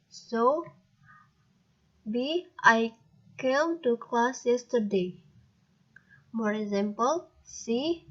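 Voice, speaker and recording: Slow, halting Indonesian student woman. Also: on the high side, a bit bright, dull audio. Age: young adult. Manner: slow, halting reading with spelled-out letters. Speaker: student presenter. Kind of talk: reading a grammar lesson aloud.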